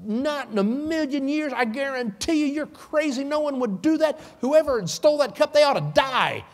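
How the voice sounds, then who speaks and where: A preacher playing outraged shrill brothers denying theft. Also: male voice, lively intonation, moderate pace. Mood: indignant. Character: indignant group of adult brothers swearing innocence. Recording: long church-hall reverb.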